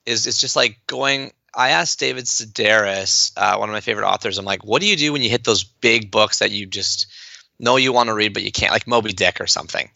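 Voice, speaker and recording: Gravelly, bright, enthusiastic male podcast guest. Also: lowish voice, no room sound, highs cut off. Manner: animated, fast-talking, many fillers and restarts. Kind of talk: enthusiastic conversational interview.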